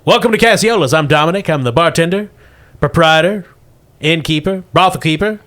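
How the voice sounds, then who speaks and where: A man's voice: fairly high pitch, brisk, fairly bright tone, close to an everyday voice. Man doing a chatty, eager saloon bartender. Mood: welcoming. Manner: eager, salesy and rambling.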